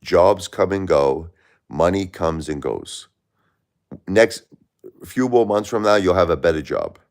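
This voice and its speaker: A man's voice: low voice, animated, a little slow. A middle-aged man hosting a live stream, giving blunt, repetitive advice to a caller, close to tears. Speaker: livestream host.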